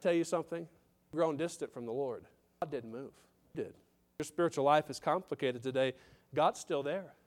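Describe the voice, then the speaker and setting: A man's voice: fairly high pitch, normal speed. A man pastor preaching a sermon, emphatic, with repetitions and direct questions to the congregation.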